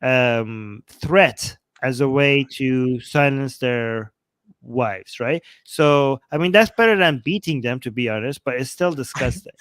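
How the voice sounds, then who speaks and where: A man's voice: mid-range voice, unhurried, a bit bright, smooth, no room sound. A man hosting a casual talk show, conversational and hedging as he reads viewer comments and questions his co-host. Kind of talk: casual debate chat.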